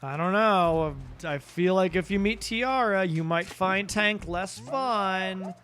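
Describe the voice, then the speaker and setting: A man's voice: sits high, takes it slowly, fairly bright tone. A tired man rambling through casual gameplay commentary on a stream, goofy and profane, talking mostly to himself. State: tired, yawning.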